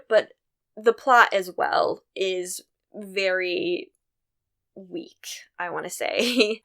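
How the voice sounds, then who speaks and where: A woman's voice: mid-range voice, a bit bright. A woman hosting a knitting video podcast in a casual, candid chat, laughing now and then between thoughts.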